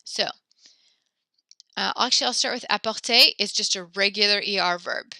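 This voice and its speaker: A woman's voice: medium pitch, moderate pace, creaky, pauses often, pushed and bright, no echo, studio quality. A woman teaching an online French class, praising her students often and walking through verb conjugations step by step.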